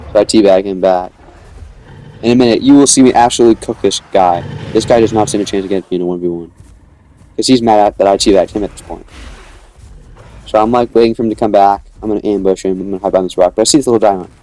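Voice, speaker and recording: A man's voice: fairly low pitch, fairly even intonation, quick pace, pauses often, dark tone. A young man casually narrating his own dinosaur gameplay, rambling as he tells the story and acting out quoted lines.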